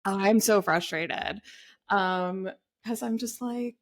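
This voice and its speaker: A woman's voice: mid-range voice, slow pace. A woman co-hosting a podcast in casual spiritual chat, candid and rambling, who gets heated and swears when frustrated. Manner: talks in loose, rambling runs with many fillers. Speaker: podcast co-host.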